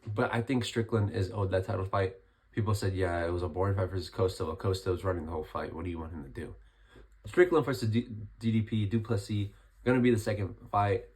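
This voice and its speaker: Hoarse, lowish young man; rambling casual fight recap vlogger, voice still rough from illness. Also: fairly even intonation, fast, darkish tone. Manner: chatty, rambling, lots of restarts. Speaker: MMA commentary vlogger.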